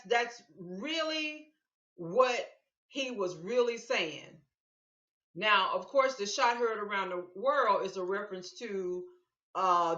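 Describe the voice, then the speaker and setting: A woman's voice: medium pitch, bright, forceful tone. A woman giving casual political commentary in a vlog, emphatic and repeating words for stress. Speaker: vlogger. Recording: echoey room, dull lo-fi sound.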